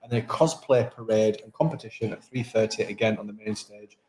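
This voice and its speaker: A man's voice: fairly low pitch, brisk, a little mellow. A man co-hosting a live stream from a town event, chatting casually and running through the schedule. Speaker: co-host of a live local stream.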